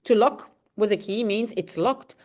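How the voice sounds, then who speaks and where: A woman from Belgium whose first language is Dutch, teaching by reading a comic aloud and translating it slowly, with sound effects. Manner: animated, explains slowly, adds sound effects like roars and booms.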